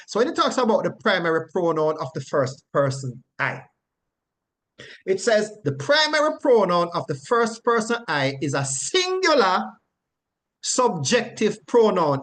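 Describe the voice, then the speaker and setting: A man teaching a Bible study, emphatic and repetitive, checking in with "right?" and chuckling as he explains. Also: a little high. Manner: chuckles often while explaining.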